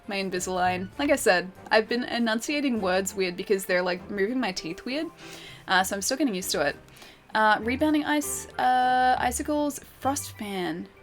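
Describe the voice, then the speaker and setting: A young woman streaming a game, chatting casually with her viewers, giggling often and filling her talk with little asides. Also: mid-range voice. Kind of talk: casual gameplay chat, reading chat aloud. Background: faint game music.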